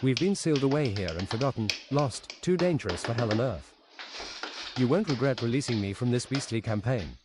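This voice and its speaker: A man's voice: medium pitch, animated, a little fast, music in the background, lightly acted. Man reading as an old kung fu master. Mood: courteous.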